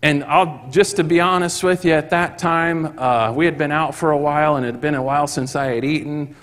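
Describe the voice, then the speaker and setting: A man preaching a sermon in church, telling a story and acting out the voices of the people in it with rising excitement. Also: on the high side, a little fast. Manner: acts out quoted voices, rising to excited shouts. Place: church hall. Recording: long hall reverb.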